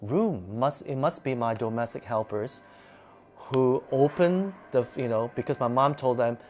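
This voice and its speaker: A man's voice: mid-range voice, unhurried, darkish tone, faint music behind. A man telling a personal story in a casual, rambling way, full of fillers and restarts. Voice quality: rambling, filler-heavy delivery with frequent restarts.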